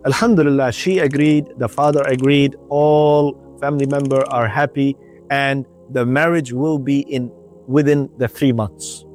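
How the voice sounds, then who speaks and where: Male preacher for a radio reminder; earnest storytelling in slow, broken-up phrases over faint background music. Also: mid-range voice, steady tone, a little mellow. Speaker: religious speaker.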